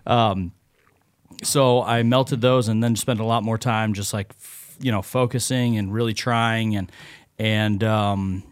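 A man's voice: on the low side, fairly even intonation, measured pace, clear, resonant tone, dry recording, clean studio sound. A man in his thirties, a knife maker and podcast guest, telling rambling, self-deprecating stories in casual chat and laughing often.

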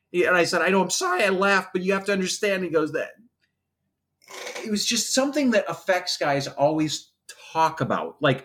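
A middle-aged man with a fairly high voice tells a chaotic anecdote in relaxed conversation. He swears freely and jumps into the voices of everyone in the story. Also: normal speed. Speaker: podcast guest, former special effects artist. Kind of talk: casual storytelling chat.

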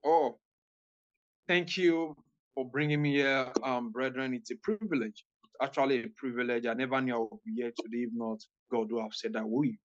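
A woman's voice: a bass voice, fairly even intonation, normal speed, muffled recording. A woman preaching as a guest evangelist, making fervent, repetitive appeals to her listeners.

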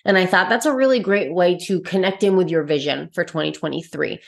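A woman's voice: on the low side, a little fast, vocal fry. A young adult woman hosting a podcast, talking earnestly and reflectively in a casual solo chat with frequent fillers and restarts. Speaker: host.

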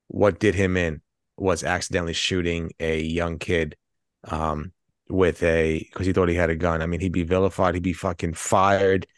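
A man's voice: low-pitched, no echo, studio quality. A man co-hosting a casual movie podcast, rambling and swearing freely as he talks. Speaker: podcast co-host.

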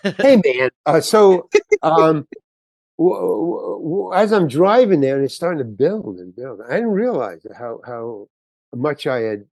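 An older man with a fairly high voice tells a story in an interview, acting out each person's lines as he goes. The sound is dry and close to the mic. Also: a little slow, dry recording. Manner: animated storyteller acting out quotes. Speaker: guest actor. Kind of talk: telling an anecdote in an interview.

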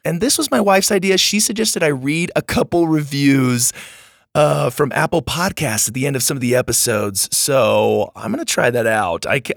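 A man's voice: medium pitch, gravelly, no room sound, clean studio sound. A man hosting a story podcast, chatting upbeat and friendly to his young listeners in a casual outro. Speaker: podcast host.

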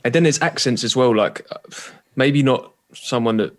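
A man chatting on a podcast in a middle-pitched voice. He feels his way through his points with fillers and restarts, thoughtful rather than forceful. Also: moderate pace. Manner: thoughtful, hesitant, many fillers. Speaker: podcast co-host. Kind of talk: casual chat.

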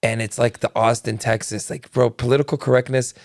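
Crude, rambling middle-aged comedian. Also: male voice, medium pitch, steady tone, fairly quick, dry recording, clean studio sound. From Canada. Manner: crude, rambling, swears a lot. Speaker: comedian and podcast co-host. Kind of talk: casual chat.

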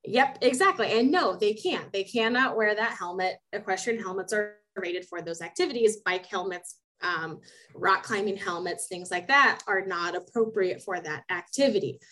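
A woman's voice: medium pitch, animated, normal speed, fairly bright tone, low-quality recording. A young adult woman co-hosting a casual podcast, talking emphatically, laughing often and repeating words as she thinks. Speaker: podcast co-host, horse program specialist.

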